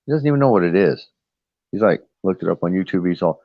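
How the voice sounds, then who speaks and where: A man's voice: low voice, quick pace, dry recording. A middle-aged man chatting on a livestream panel, telling rambling family stories and acting out what people said. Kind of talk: casual chat. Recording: dull dry lo-fi livestream audio.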